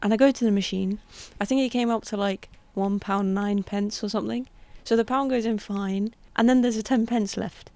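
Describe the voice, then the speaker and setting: A young woman co-hosting a podcast, speaking in a casual, chatty way. Her voice sits at a middle pitch and the recording is dry and close. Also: fairly even intonation, normal speed, hardly any pauses, mellow, dry recording. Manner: chatty, hedging with "like". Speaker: podcast co-host. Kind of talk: casual storytelling chat.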